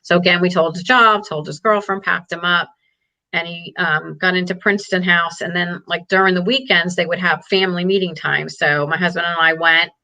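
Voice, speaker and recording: Earnest middle-aged woman, bright voice. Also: on the low side, steady tone, moderate pace. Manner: candid, earnest, fillers of "like". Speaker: guest, parent advocate. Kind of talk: emotional personal storytelling.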